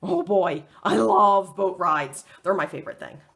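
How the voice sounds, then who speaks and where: A woman voicing a loyal, friendly male dog who tells the story, in her own gentle unhurried voice. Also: on the low side, vocal fry. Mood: earnest. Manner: plain, gentle, slow.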